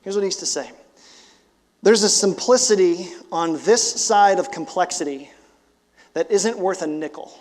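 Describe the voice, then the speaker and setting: A man in his forties preaching a sermon as pastor, conversational and animated, with emphatic bursts. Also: sits high, moderate pace, in a large hall. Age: 40s.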